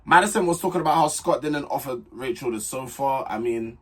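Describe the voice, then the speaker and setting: In a medium-pitched voice with a breathy edge, a young man talks a little fast as he reviews a reality TV show directly to camera. His casual vlog recap is chatty, blunt and direct, full of frequent restarts.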